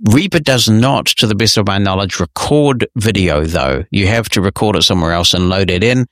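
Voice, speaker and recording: A man's voice: lowish voice, normal speed, fairly bright tone, dry recording, studio quality. A man hosting a technology podcast, answering listener emails in a conversational, explanatory and lightly wry way. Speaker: podcast host.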